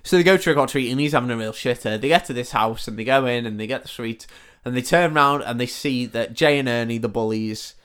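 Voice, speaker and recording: A man co-hosting a comedy podcast, recapping a film's plot in a casual, sweary way and slipping into quick voices for the characters. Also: medium pitch, fairly bright tone, clear, resonant tone. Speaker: podcast co-host.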